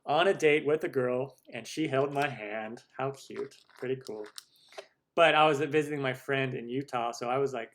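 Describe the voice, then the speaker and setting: Man, 40s, cooking show host, casual live chat, rambling, fillers, self-mocking humor, mid pitch. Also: normal speed, slight background noise. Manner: chatty and rambling, self-deprecating jokes, many fillers.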